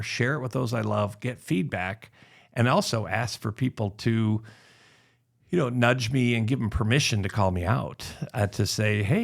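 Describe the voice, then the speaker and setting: A man's voice: mid-range voice, creaky. A middle-aged man talking as a podcast guest in casual conversation, telling stories animatedly and acting out what people said. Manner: animated storytelling, acts out quoted voices.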